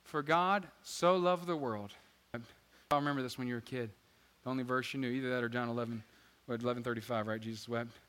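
A man preaching a sermon as pastor, energetic and joking, swinging between loud emphasis and quiet asides. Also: mid-range voice, a little fast. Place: church sanctuary. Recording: church hall reverb with faint guitar.

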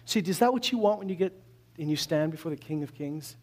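A man from Canada preaching a sermon in a conversational, animated way, full of rhetorical questions. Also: on the high side, fast. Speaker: pastor.

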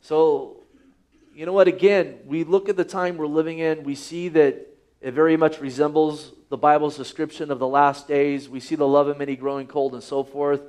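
A man's voice: on the high side, little pitch movement, normal speed, darkish tone. A man preaching a sermon to his congregation, emphatic and repeating rhetorical questions. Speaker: pastor.

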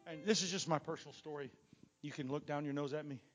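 A middle-aged man preaching a Pentecostal sermon in a church, his volume surging and sinking as he builds to near-shouts. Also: a little high, steady tone, fast talker, faint music behind. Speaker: pastor. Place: church sanctuary.

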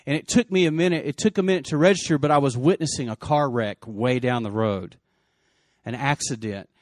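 A man's voice: medium pitch, no echo, studio quality. Earnest man telling a story. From West Texas. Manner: earnest, emotional, quick surges and hushed drops. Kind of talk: personal storytelling.

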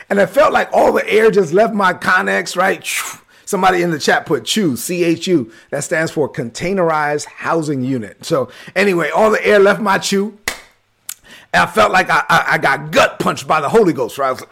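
Brooklyn-accented male preacher, husky and fairly high-pitched, animated storyteller. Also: moderate pace. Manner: animated storyteller, acts out quotes, sudden shouts. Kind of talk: sermon-style storytelling. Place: livestream with chat.

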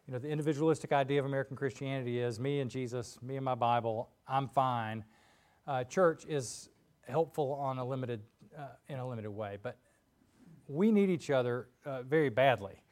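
A man preaching a sermon in a relaxed, conversational way, full of fillers and asides, in a church. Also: medium pitch, brisk. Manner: informal and chatty, with frequent fillers and asides.

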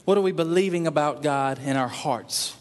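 A man's voice: a little high, moderate pace. A man preaching a sermon in an earnest way, repeating phrases for emphasis and voicing prayers aloud. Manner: earnest, repetitive emphasis, acts out prayers in quotes. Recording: long reverb in a hall.

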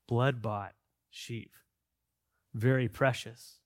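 A man preaching as a pastor, earnest and emphatic, dropping to quiet stretches and then building back up. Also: medium pitch, a little slow, dry recording, studio quality. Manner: earnest, emphatic preaching that swings between soft and loud. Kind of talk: sermon.

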